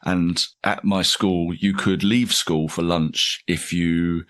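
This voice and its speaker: A man in his forties with a very low, deep voice, chatting as a comedian guest in an interview. He rambles and restarts often, joking at his own expense and breaking into laughs, in an easygoing, casual way. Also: steady tone, slow, a bit bright. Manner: rambling, self-deprecating, frequent restarts and laughs.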